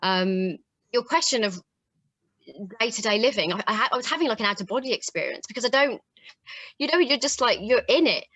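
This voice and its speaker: A woman on a video call speaking thoughtfully, pausing and searching for her words. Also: fairly high pitch, lively intonation, a bit bright, no echo. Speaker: panel guest. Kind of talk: casual conversation on a video call.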